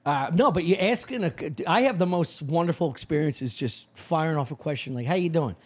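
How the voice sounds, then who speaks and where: A man's voice: fairly high pitch, expressive. A man co-hosting a comedy podcast, riffing in loose, profane banter. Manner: profane riffing, quick jokes. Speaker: podcast co-host. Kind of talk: casual comedic chat.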